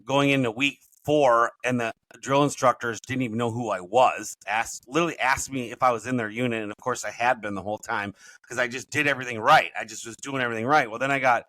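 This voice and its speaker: A middle-aged man with a bright, forceful voice tells a long, winding story as a podcast guest. He often corrects himself mid-sentence and grows lively at the high points. The sound is dry and close. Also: quick pace, no echo, low-quality recording. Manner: rambling, self-correcting, animated when telling stories. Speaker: podcast guest, author and business coach. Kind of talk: casual storytelling interview.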